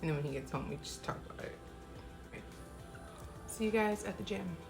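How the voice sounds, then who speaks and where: A woman's voice: on the low side, animated, fairly quick, creaky. A woman in her thirties, a mother of four, chatting casually and upbeat straight to camera while tired. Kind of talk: casual vlog chat. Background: music.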